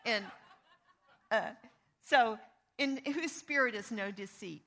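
A woman's voice: fairly high pitch, slow pace, pushed and bright. A woman giving an earnest, conversational Bible teaching, reading verses aloud with emphasis. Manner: reads scripture aloud with emphasis; earnest and conversational, with small restarts. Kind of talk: teaching on forgiveness.

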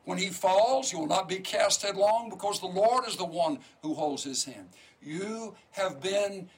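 A man's voice: high-pitched, unhurried, rough recording. A man preaching a sermon to his congregation, fervent and emphatic, with repeated phrases and frequent restarts.

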